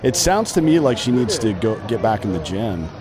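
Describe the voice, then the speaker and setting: A man's voice: on the low side, sing-song, normal speed, a crowd in the background. A man co-hosting a casual podcast, talking bluntly and profanely. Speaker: podcast co-host.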